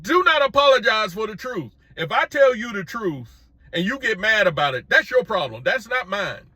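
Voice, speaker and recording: A man's voice: very animated, moderate pace, bright, forceful tone, no echo. Emphatic plain-spoken middle-aged man. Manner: emphatic, repeats his points, rises sharply in pitch when pressing a point; plain-spoken, addresses viewers as folks. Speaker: commentary vlogger. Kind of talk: opinion commentary monologue.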